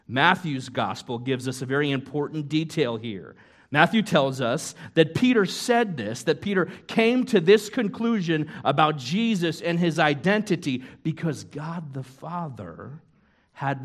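Guy preaching a sermon, kinda high voice, gets loud then drops real quiet, lots of "right?" asides. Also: normal speed. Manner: expressive, swings between loud emphasis and hushed asides; conversational, with rhetorical tag questions. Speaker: pastor.

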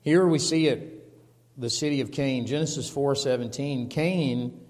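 A man preaching a sermon and reading scripture aloud, slow and emphatic. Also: mid-range voice, darkish tone. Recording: long reverb of a large hall.

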